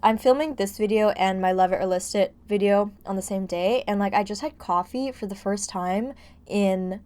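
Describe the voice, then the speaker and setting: A woman's voice: mid-range voice, moderate pace, mellow. Breathless chatty young woman. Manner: chatty, rambling, heavy use of "like". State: out of breath and jittery from caffeine. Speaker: gaming vlogger. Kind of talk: casual voice-over commentary on a building game.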